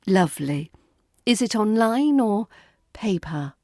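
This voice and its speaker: A woman's voice: on the high side, very animated, moderate pace, dark tone, no echo, studio quality. A woman with a British RP accent playing a polite, restrained traveller asking about lost luggage. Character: polite stranded female traveller.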